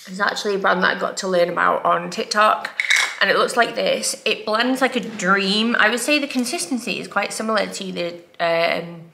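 A woman's voice: medium pitch, normal speed, gravelly, pushed and bright, a little hiss or hum. A woman in her thirties, a mum chatting casually and rambling through her morning makeup routine at home. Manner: chatty, rambling, self-deprecating. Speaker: vlogger, mum. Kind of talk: casual get-ready-with-me makeup chat.

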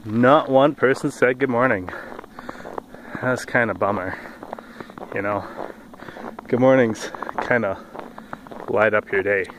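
A man's voice: mid-range voice, slow pace, long pauses, background noise. A man vlogging casually while walking outdoors on a path, telling rambling, jokey stories.

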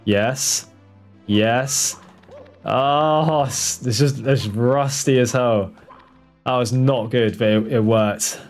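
Over soft background music, a man speaks slowly in a medium-pitched voice while livestreaming a speedrun. He talks to both his chat and the game character, gets excited, and curses under pressure.

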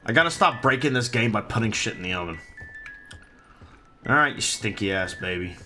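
A man's voice: fairly low pitch, lively intonation, fairly quick, sharp tone, soft background music. A man giving casual, profane let's-play commentary and teasing the baby in the game. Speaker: gaming channel host.

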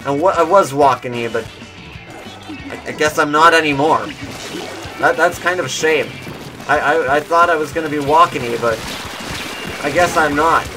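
A young man giving goofy gameplay commentary, slipping into silly meme voices and shouts. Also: fairly high pitch, normal speed, long pauses, over music. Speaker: gaming YouTuber.

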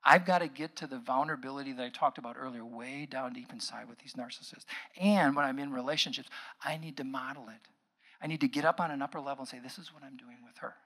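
A man's voice: medium pitch, fast talker. Earnest man giving a psychology talk. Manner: earnest, shifting from soft asides to emphatic outbursts. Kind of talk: public lecture.

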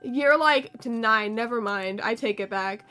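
A young woman playing a game and commenting casually with jokey, quick, crude reactions. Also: a little high, pushed and bright, smooth. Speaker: streamer.

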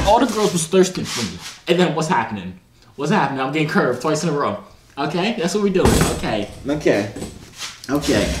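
A young man talks straight to his viewers in loose slang. He jokes at his own expense, and his pitch leaps around a lot. The sound is roomy and echoey, with a faint hiss underneath. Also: a little fast. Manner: animated, joking, self-mocking, slangy. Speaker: vlogger. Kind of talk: casual vlog chat.

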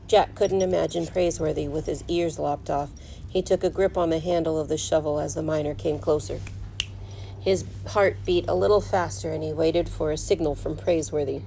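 A teacher reading a children's novel aloud at home, in steady storybook narration. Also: female voice, sits low, moderate pace, creaky, a little hiss or hum, rough recording. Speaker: fourth grade teacher.

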